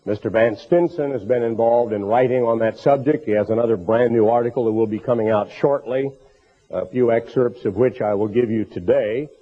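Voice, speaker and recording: A man with a hoarse, raspy voice from a bronchial illness, preaching earnestly in a recorded sermon for a tape program. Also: medium pitch. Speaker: minister. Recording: tinny phone-like tape recording.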